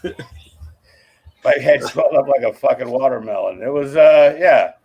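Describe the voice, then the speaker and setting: Man, gravelly voice, relaxed guest, dry self-mocking chat. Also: mid-range voice, normal speed. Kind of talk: casual chat.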